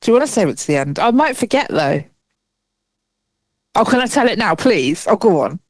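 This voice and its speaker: A woman co-hosting a podcast in casual chat, animated and swearing freely. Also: medium pitch, fairly quick, no echo. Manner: chatty, animated, swears freely and laughs often. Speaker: podcast co-host.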